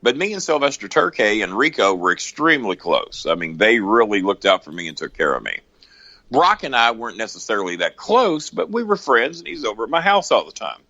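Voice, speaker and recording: Profane, animated man telling stories. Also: fairly low pitch, fairly quick, no room sound, muffled recording. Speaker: podcast guest. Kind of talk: casual storytelling.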